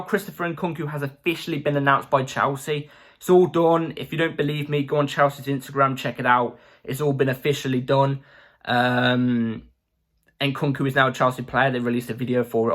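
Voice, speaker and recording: Man, casual vlog host, excitable, filler-heavy, mid pitch. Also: moderate pace. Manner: excitable, chatty, lots of fillers. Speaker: football channel host.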